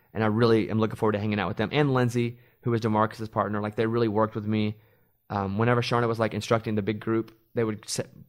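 A middle-aged man, a radio host, chatting casually and telling animated stories with quoted voices. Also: on the low side. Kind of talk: casual chat.

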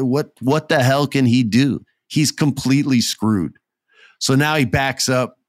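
A man casually and excitedly retelling a wrestling match, acting out scenes as he goes. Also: mid-range voice, no echo, clean studio sound. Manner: excitable, acts out scenes, many restarts. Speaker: wrestling recap commentator. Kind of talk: casual storytelling recap.

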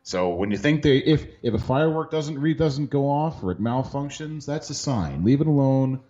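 A man's voice: mid-range voice, lively intonation, moderate pace, dark tone, muffled recording. A man hosting a podcast, joking in a dry, sarcastic way in casual chat. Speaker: podcast host.

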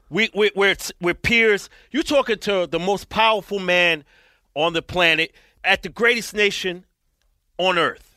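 A man's voice: high-pitched, normal speed, sharp tone, no echo, studio quality. A man in casual podcast chat, emphatic and profane.

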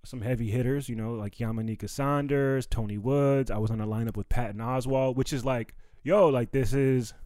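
A young man with a mellow, steady, mid-range voice speaks at a moderate pace with hardly any pauses, recorded without room sound. He's a stand-up comedian recovering from bronchitis, chatting casually on his solo podcast in loose, slangy street talk peppered with fillers and "you know what I mean."

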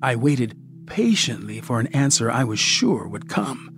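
A man narrating a first-person story in a measured, expressive audiobook style. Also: mid-range voice, soft background music.

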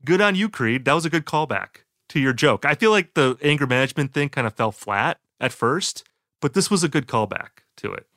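A man's voice: medium pitch, animated, brisk, a bit bright, no echo, studio quality. A man co-hosting a podcast in casual chat, joking, with many fillers and restarts. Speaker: podcast co-host.

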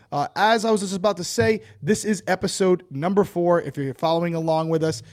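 A man's voice: a little high, darkish tone. Easygoing male podcast host. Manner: easygoing, laughs often, filler-heavy. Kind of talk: casual podcast chat.

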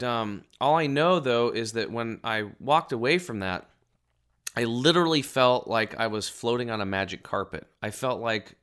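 A man's voice: on the low side, fairly bright tone, smooth. A middle-aged man casually telling an emotional personal story, rambling and acting out the people he quotes.

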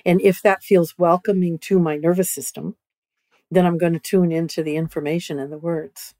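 A woman's voice: fairly low pitch, fairly even intonation, normal speed, dark tone, dry recording. A woman guest on a podcast over a video call, explaining at length and often checking in with "right?". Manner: repeats "right?" often, starts phrases over. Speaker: guest expert. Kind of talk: conversational explanation.

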